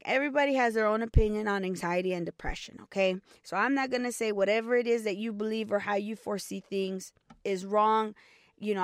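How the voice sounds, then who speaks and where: A woman's voice: medium pitch, dry recording, studio quality. A young woman vlogger telling a personal story in a candid, chatty way, talking straight to her viewers.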